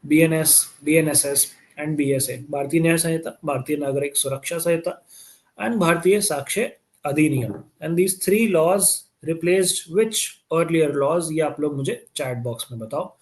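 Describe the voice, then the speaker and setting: A man's voice: a little high, rapid-fire, darkish tone. A man with an Indian accent teaching a live-streamed current affairs lesson, switching between Hindi and English in a chatty way and encouraging his viewers.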